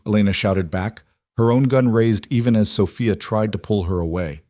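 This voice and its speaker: A man narrating a scripted romance audiobook in a smooth, even storytelling manner. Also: low-pitched, moderate pace, no echo, clean studio sound.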